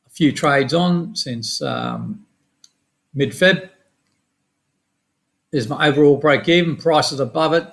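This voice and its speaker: A middle-aged man with an Australian accent walking through his forex trades in a quick, casual, matter-of-fact way with some slang. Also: a little high, gravelly, a bit bright. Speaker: forex trading educator. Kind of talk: screen-share chart walkthrough.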